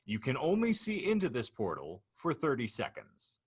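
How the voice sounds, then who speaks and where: Male podcast co-host, mid-pitch, animated intonation, playful grandiose reader. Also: moderate pace, husky. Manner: playful, mock-grandiose phrasing. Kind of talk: reading a hypothetical scenario aloud.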